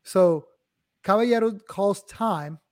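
A man's voice: high voice, slow, a little mellow. A man co-hosting a sports podcast, explaining plays in laid-back slang. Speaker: guest co-host. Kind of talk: casual sports chat.

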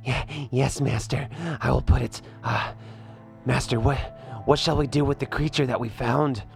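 A man's voice: medium pitch, steady tone, moderate pace, vocal fry, faint music behind, pitched above the performer's own voice, lightly acted. A man voicing a nervous male henchman who stammers and sounds timid, in a tabletop game.

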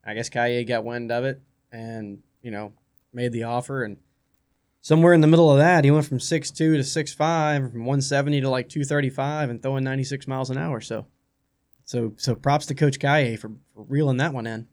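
A man's voice: medium pitch, fairly even intonation, brisk, a little mellow. A man talking casually as a guest on a sports talk show, chatty and often restarting his sentences. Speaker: guest baseball analyst.

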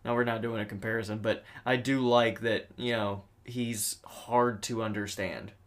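A man co-hosting a podcast in casual chat, halting often, restarting sentences and swearing offhandedly. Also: on the low side, steady tone. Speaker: podcast co-host.

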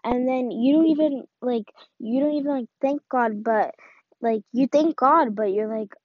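A woman's voice: a little high, moderate pace, dry recording. Woman, casual faith talk, rambling, lots of filler words, muffled lo-fi audio, dead dry sound. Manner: rambling, full of "like" and "um". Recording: dull, dry lo-fi recording.

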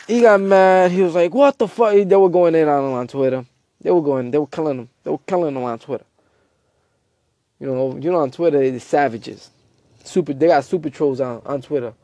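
A man hosting a casual show, telling a comedic story in a rambling, animated way and acting out quotes. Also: a little high, brisk, dry recording. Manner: animated, acts out quotes, self-interrupting. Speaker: host.

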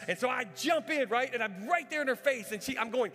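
A man preaching a testimony in sermon storytelling style, animated and acting out the sounds and voices in the story. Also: very high-pitched, brisk. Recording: echoey hall with soft music.

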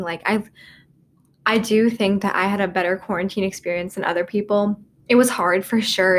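With slight background noise behind her, a woman in her twenties hosts a casual one-person podcast from her dorm room. Her mid-range voice meanders, she makes fun of herself, and "like" and "um" pop up everywhere.

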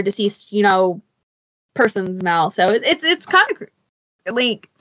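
A woman's voice: mid-range voice, fairly bright tone, dry recording. A woman hosting a podcast in a chatty, casual way, with lots of fillers and restarts and frequent giggles. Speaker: podcast host.

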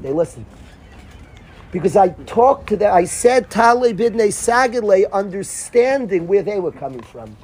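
A man's voice: sits high, a little mellow, slight background noise, poor audio. A man giving an informal Torah talk, telling stories animatedly, acting out the people he quotes and mixing in Yiddish and Hebrew words. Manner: sprinkles Yiddish and Hebrew terms. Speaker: Torah teacher.

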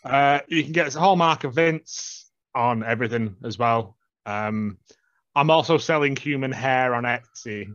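A man guesting on a podcast, plugging his projects with deadpan jokes. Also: mid-range voice, measured pace, lo-fi sound. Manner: jokey and deadpan about his own projects. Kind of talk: casual chat.

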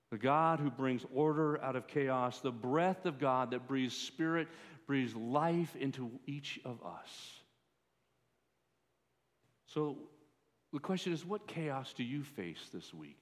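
A man preaching a sermon as pastor, in a measured way that rises for pleas. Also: medium pitch. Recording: long hall reverb.

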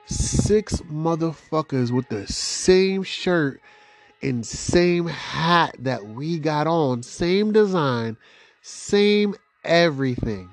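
A young man hosting a casual vlog, telling a story in profane street slang with lively, animated delivery. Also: extremely slow, no room sound. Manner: animated, profane street slang, big rises in pitch for quoted reactions. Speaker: vlog host.

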